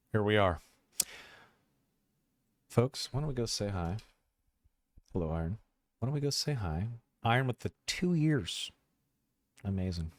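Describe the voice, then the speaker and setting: Man, game master, low voice, playful teasing, dry close mic. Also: no echo. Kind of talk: casual stream chat.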